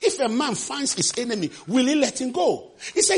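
A man preaching a sermon with passion, shouting refrains and acting out the scripture quotes. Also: sing-song, normal speed, hardly any pauses, slightly rough. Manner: acts out quotes with sudden pitch jumps.

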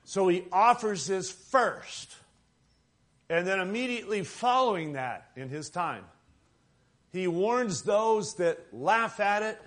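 A male preacher delivering a sermon in a notably high voice. His delivery is emphatic, swelling louder on key points and dropping low on others, with a preaching cadence that calls out to the congregation.

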